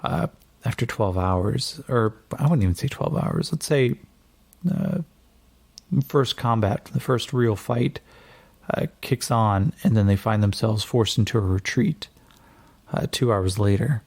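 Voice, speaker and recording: A man running a tabletop game as game master, narrating in a relaxed, rambling way with many fillers and self-corrections. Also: on the low side, a little slow, breathy edge.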